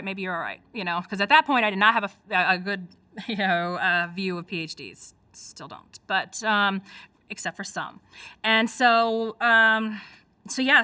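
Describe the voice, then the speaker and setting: Fast-talking bright Michigan woman. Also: mid-range voice, no echo. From United States. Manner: fast, animated storytelling with frequent fillers. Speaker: interviewee, community activist. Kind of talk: casual spoken recollection.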